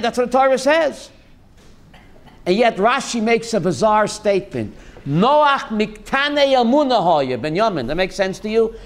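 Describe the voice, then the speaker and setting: A man, a rabbi, giving a lively Torah class, calling on listeners by name and slipping in Yiddish and Hebrew words. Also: sits high. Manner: lively, addresses listeners by name, jokey asides; mixes Yiddish and Hebrew terms. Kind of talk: animated Torah class to a live group.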